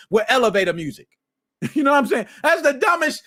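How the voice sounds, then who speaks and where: A man hosting a casual livestream chat, animated and excitable, talking in slang and often breaking into shouts. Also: very high-pitched, a little fast. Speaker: streamer, podcast host.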